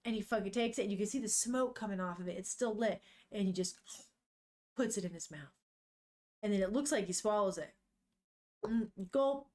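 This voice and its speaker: A woman's voice: mid-range voice, brisk, a little mellow. A young woman on a live stream, chatting casually with viewers while reading a manga aloud and swearing now and then. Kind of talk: casual live-stream chat and read-along.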